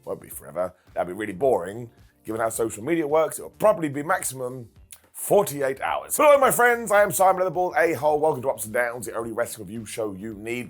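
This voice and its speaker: A man's voice: fairly low pitch, slightly rough. A man hosting a wrestling review show, talking in a jokey, self-mocking way and chuckling through his sentences. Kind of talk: casual video review commentary.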